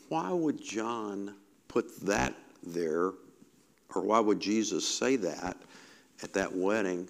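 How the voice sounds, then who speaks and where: A man delivers a sermon in an easy, conversational tone, his voice sitting slightly low. He thinks aloud as he goes and repeats his key lines for emphasis. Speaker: preacher.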